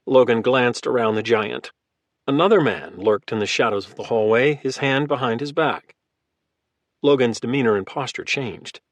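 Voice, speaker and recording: A man narrating a thriller audiobook in a steady, clipped manner. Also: mid-range voice, dry recording.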